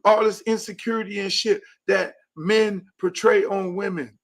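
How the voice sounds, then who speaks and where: A man's voice: high-pitched, normal speed, hardly any pauses. A man hosting a podcast, giving a blunt, profane casual monologue. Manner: blunt, brash, profane rants. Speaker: podcast host. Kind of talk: casual talk show monologue.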